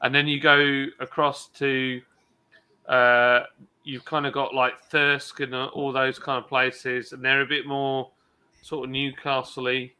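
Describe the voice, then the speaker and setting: Slow, very bright man. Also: medium pitch, flat delivery, clean tone. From England. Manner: rambling, mimics regional accents. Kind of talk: casual chat.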